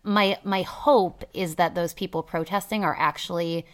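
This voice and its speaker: A woman with a low voice talking on a podcast, laying out her argument calmly and piece by piece. She speaks in a relaxed, conversational way, answering her co-host. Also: moderate pace. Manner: reasoned, persuasive, builds points step by step. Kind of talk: casual chat.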